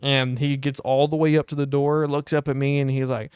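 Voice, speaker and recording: A young man tells a story in a casual, animated, exasperated way as a podcast co-host. His voice is mid-pitched, smooth and clear. It is recorded close on a mic with a dry sound. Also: a little fast, dry recording.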